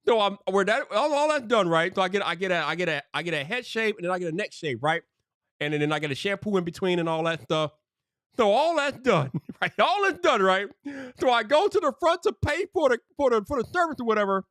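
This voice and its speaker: Animated slangy male storyteller. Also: sits high, fast talker, no room sound, studio quality. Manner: animated, slangy, full of "bro". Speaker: streamer host. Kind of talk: casual storytelling.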